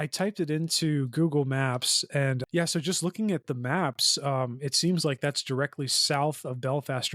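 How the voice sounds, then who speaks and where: A man's voice: mid-range voice, a bit bright, no echo, clean studio sound. Rambling man co-hosting a podcast. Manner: rambling, heavy "like" and "you know" fillers. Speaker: podcast co-host. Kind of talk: casual chat.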